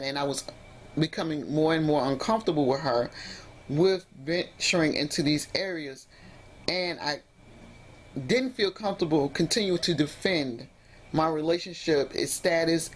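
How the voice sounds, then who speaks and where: A woman's voice: sits low, slight background noise. A woman vlogging about personal drama, emotional and rambling, often restarting her sentences. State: emotionally upset. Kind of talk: emotional storytime vlog.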